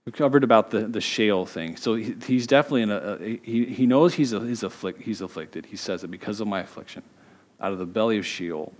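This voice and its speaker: A middle-aged man preaching a sermon, telling a family story with animated quoted voices and laughter. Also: fairly low pitch, fairly quick. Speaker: pastor.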